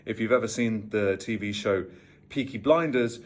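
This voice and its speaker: A voice coach in his thirties from Worcestershire, England, gives a talking-head vocal lesson, explaining technique in a measured, precise way. He uses a trained neutral British accent, and his fairly low voice carries a tired edge with slight vocal fry.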